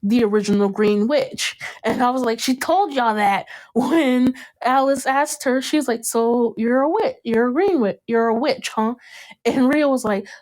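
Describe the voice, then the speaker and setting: A young woman hosting a casual podcast, recapping an episode and acting out what the characters said with sudden jumps in pitch and frequent laughter. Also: a little slow. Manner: animated, acts out quotes in a jumped-up pitch, laughs often. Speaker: podcast host.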